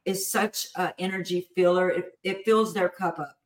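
A woman's voice: on the low side, normal speed. A woman from Texas, a business-owner guest, chatting casually and acting out family conversations as she tells stories. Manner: animated, acts out family dialogue. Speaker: entrepreneur guest. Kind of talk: casual interview storytelling. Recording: echoey room.

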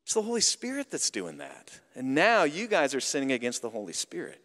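A man's voice: sits high, wildly swooping pitch, normal speed, fairly bright tone, pitched above the performer's own voice, exaggerated voice. A man voicing a blunt, exasperated adult male teacher, with casual, incredulous retorts. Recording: long hall reverb.

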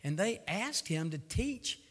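Preacher in a reverberant hall. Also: male voice, sits high, very animated, unhurried, a bit bright. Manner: folksy storytelling, rising to fervent. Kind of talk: sermon.

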